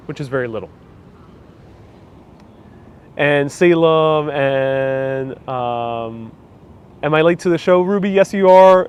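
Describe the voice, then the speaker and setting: A man's voice: medium pitch, a little mellow, a little hiss or hum. Chatty New York man live-streaming outdoors. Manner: chatty, rambling, with frequent fillers and restarts. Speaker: vlogger hosting a live stream. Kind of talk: casual live-stream chat, answering viewer comments.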